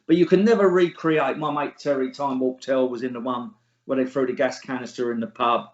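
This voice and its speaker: Guesting on a casual interview, this middle-aged man from England talks fairly quickly in a mid-range voice with fairly even intonation. His delivery is scornful and blunt, peppered with swearing, and he laughs at his own tales. The recording has an echoey room and a dull, lo-fi quality.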